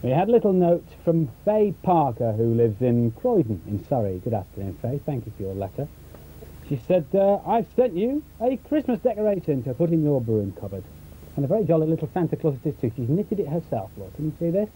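Young male kids' TV presenter, breathless, warm and dark, lively up-and-down delivery; rough old broadcast tape with faint hiss. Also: fairly high pitch, fairly quick, poor audio. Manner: bouncy, chatty, talks straight to young viewers. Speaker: children's TV presenter. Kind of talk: live continuity presenting. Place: small studio booth.

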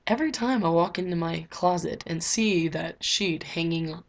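A teenage girl films a casual diary vlog in her bedroom, rambling with plenty of fillers. Her voice is fairly low in pitch, at a normal speed.

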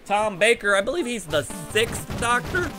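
A man doing jokey, excitable play-by-play commentary on a video game with a friend, breaking into shouts on big plays. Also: high-pitched, normal speed, over music.

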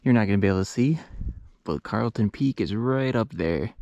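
A man's voice: on the low side, animated, moderate pace, a little mellow, dull audio. A man out of breath, puffing between short remarks as he climbs a rocky outdoor trail with a camera mic. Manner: puffing and panting between short remarks while hiking uphill.

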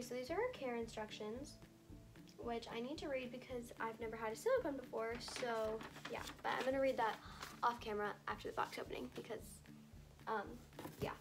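Gushing, excitable woman unboxing. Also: on the high side. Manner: gushing and excitable, filler-heavy. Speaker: doll collector vlogger. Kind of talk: unboxing vlog. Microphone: camera on a tall tripod. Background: background music.

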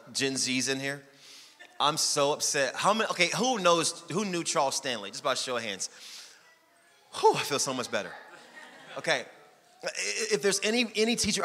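Bright-voiced preaching man, hall echo. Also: a little high. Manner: energetic, shouting bursts and joking asides. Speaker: pastor. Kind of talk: sermon. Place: church sanctuary. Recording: long hall reverb.

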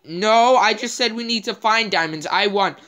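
A woman's voice: mid-range voice, moderate pace, fairly bright tone. A woman hosting a gameplay video, thinking aloud in casual, rambling commentary as she plays.

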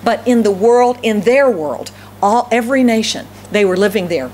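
A woman's voice: fairly high pitch, moderate pace, darkish tone. Southern lady pastor preaching, tells stories, repeats herself for emphasis, faint hiss behind. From Southern United States. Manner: storytelling, repeats phrases for emphasis. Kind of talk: sermon.

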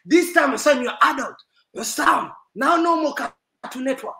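A bright, forceful male voice, animated and mocking as he rants about a rival club and laughs at his own jokes. The room sound is echoey and roomy around him. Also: very high-pitched, a little slow. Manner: animated, teasing, laughing often. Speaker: football podcast panelist. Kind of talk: loud banter-filled casual chat.

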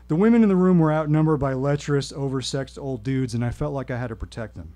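A man telling a personal story at a live reading, with wry, deadpan humor. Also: medium pitch, fast, few pauses. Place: stage at a live show.

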